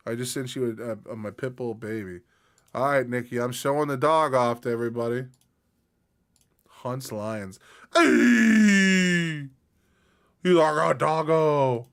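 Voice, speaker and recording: A man's voice: mid-range voice, fairly even intonation, a little slow, long pauses, clean tone. A young man streaming, rambling in a laid-back, slangy way as he chats with his viewers. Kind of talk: casual live-stream chat.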